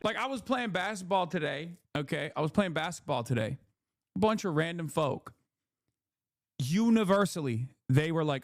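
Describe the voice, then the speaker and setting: A man's voice: fairly high pitch, expressive, normal speed, vocal fry, no echo, studio quality. A man ranting sarcastically and with profanity as a political commentator on a casual livestream. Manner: heated, profane, sarcastic rant.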